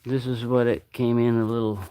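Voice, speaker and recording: A man's voice: mid-range voice, little pitch movement, a little fast, warm tone, a little hiss or hum. A man hosting a casual livestream, chatting in a rambling way and often repeating himself. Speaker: knife channel host.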